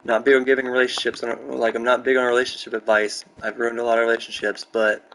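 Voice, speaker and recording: Young male streamer, candid and excitable, rambles through stories in a medium voice; close mic with light background noise. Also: medium pitch, fast talker, low-quality recording. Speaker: gaming streamer. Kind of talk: casual chat while building in a game. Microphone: close desk mic.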